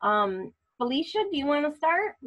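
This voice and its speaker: A woman hosting a casual online class, speaking in a relaxed way with many fillers. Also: high voice, moderate pace, poor audio. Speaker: class host.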